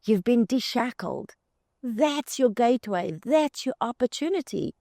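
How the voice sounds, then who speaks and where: A woman's voice: a little high, lively intonation, measured pace, vocal fry, dark tone, no room sound, clean studio sound. A woman hosting a motivational spiritual talk, speaking straight to the listener and repeating words in long emphatic strings. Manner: addresses the listener directly as "you". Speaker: host.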